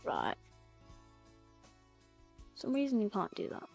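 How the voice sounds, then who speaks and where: A woman's voice: mid-range voice, huge pitch swings, measured pace, gravelly, a little mellow, faint music behind. A young woman streaming a game live, chatty and exasperated, swearing at the game. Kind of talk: live gameplay commentary.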